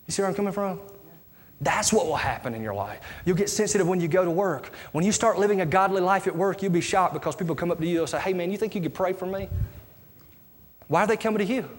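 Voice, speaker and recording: A middle-aged man preaching a sermon as pastor, asking his congregation rhetorical questions in an animated way. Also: high voice. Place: church sanctuary. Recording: live church recording with reverb and music.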